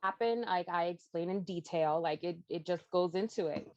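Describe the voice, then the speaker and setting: A woman's voice: fairly low pitch, moderate pace, a little mellow, dry recording. Frank woman, dry lo-fi audio. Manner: frank, plainspoken. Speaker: romance author guest. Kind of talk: casual panel chat.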